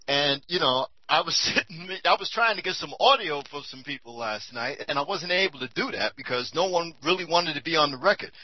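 A man's voice: on the high side, animated, brisk, hardly any pauses, no echo. Man, casual talk, rambling, tired, dry dull sound. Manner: laid-back, rambling, with many fillers. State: tired and a bit high. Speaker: commentator on a talk show.

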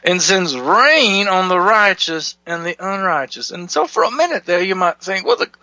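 Comic televangelist preacher, fire and brimstone, played by a man, lively swooping voice. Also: moderate pace, no room sound, heavily acted, rough recording. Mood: preachy. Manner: preachy, booming, asks for donations. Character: bombastic fire-and-brimstone male televangelist pastor. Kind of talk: parody sermon banter.

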